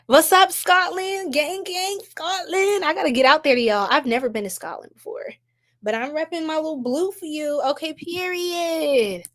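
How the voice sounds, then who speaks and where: A woman's voice: sits high, fairly bright tone. A young adult woman hosting a psychic livestream, reading viewer comments in a casual, bubbly, effusive way and laughing often.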